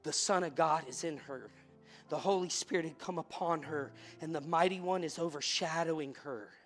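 A male pastor preaching a sermon that moves from casual storytelling to loud, fervent prayer in a packed church. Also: a little high, moderate pace, soft background music. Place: church room packed with people.

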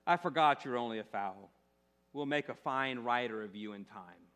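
A man voicing a wise, patient talking horse in a storybook reading, gently teasing. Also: a little high, expressive, moderate pace, natural voice. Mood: gentle. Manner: gently teasing, then kind.

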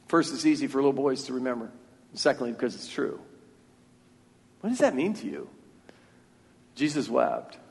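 Earnest preacher man in reverberant church. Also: on the high side. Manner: earnest, with frequent repeated words and restarts. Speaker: pastor. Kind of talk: sermon. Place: church sanctuary.

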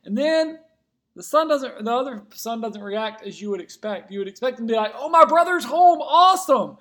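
A man with a strikingly high voice delivers a sermon from the pulpit. He retells the scripture in everyday words and speaks to his congregation in a chatty, informal way. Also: brisk. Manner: conversational retelling of scripture with casual paraphrase. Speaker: pastor.

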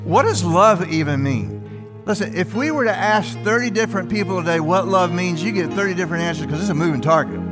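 A man's voice: sits high, lively intonation, a little fast. An older man preaching a sermon as pastor, talking conversationally and asking the congregation questions. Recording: long hall reverb with faint music.

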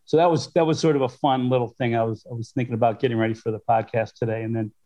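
A man's voice: medium pitch, steady tone, fast, warm tone. Rambling middle-aged man telling stories. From Western New York. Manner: rambling, with many restarts and fillers. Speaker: guest. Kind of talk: conversational storytelling.

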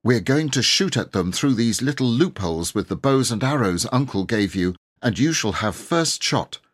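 Storybook girl, easygoing and gentle, lightly raised voice, read by a man. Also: mid-range voice, lively intonation, moderate pace, husky, dry recording, studio quality, voice pushed up. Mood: comfortable. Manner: comfortable, easygoing. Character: calm, kindly young girl.

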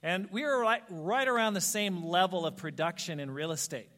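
A pastor preaching a sermon in a church, telling personal stories in an animated way and acting out the voices of people he quotes. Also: sits high, normal speed. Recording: long hall reverb.

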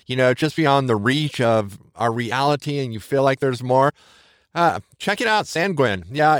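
A middle-aged man hosts his own podcast solo, talking casually and candidly in a rambling, self-deprecating way. His mid-range voice is clear and resonant, recorded dry at studio quality.

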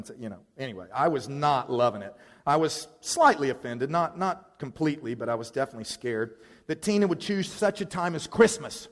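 A man preaching a sermon, telling a story in an animated, self-deprecating way. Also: mid-range voice, fairly quick, big-room sound. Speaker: pastor.

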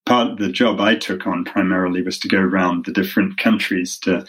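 Husky British man telling stories wryly. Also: deep voice, fairly even intonation, a little fast, a bit bright, low-quality recording. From half American, half British. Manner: wry, self-deprecating, frequent restarts. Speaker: human rights lawyer. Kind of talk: conversational interview storytelling.

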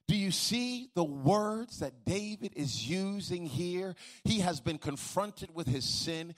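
A man preaching a sermon with a voice sitting a little high for a man. He repeats key phrases for emphasis and throws questions to the congregation, waiting for them to answer. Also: lively intonation, slow pace, few pauses. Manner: emphatic preaching with varied pace. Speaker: pastor.

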